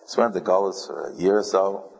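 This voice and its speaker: Rambling rabbi in a reverberant hall. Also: male voice, deep voice, vocal fry, darkish tone, husky. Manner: rambling, halting, humorous. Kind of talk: sermon with storytelling.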